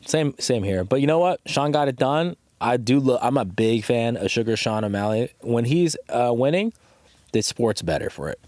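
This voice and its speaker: A man trading jokes on a casual chat podcast, his pitch swinging widely as he talks. The sound is dry and close, with no room around it. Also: normal speed, no room sound. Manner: animated, jokey, swears casually. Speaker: podcast co-host.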